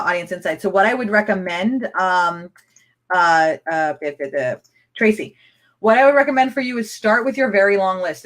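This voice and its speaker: A woman coaching a live-streamed training, chatty and excitable, rambling with restarts as she answers viewer comments. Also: mid-range voice. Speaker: online business coach.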